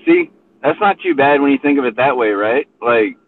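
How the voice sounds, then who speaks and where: A man's voice: medium pitch, normal speed, slight background noise. A man hosting a casual chat from his car between rideshare pickups, laid-back and rambling, saying dude a lot. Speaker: host and rideshare driver. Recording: tinny phone-line audio.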